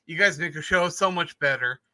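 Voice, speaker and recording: A man's voice: fairly high pitch, a little fast, bright, forceful tone. A man co-hosting a sports podcast, telling stories in casual chat and laughing easily. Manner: chatty storyteller, laughs easily. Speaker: podcast co-host.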